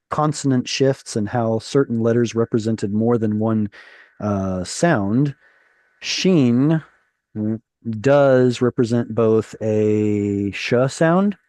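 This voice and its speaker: A man's voice: medium pitch, dark tone, no echo. A man teaching Hebrew in a live online reading class, patiently explaining and correcting pronunciation. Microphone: video call.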